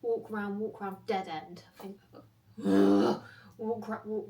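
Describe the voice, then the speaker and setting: A woman's voice: mid-range voice, big pitch swings, measured pace, warm tone. Young girl vlogging on her phone, self-deprecating rambly chat, slightly distant sound. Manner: chatty, self-mocking, rambling storytelling. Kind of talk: casual vlog chat.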